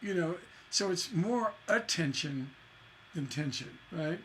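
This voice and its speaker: A man's voice: a little high, animated, slow, fairly bright tone, slight background noise. Chatty man scatting song rhythms. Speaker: songwriting teacher. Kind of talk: livestreamed songwriting lesson.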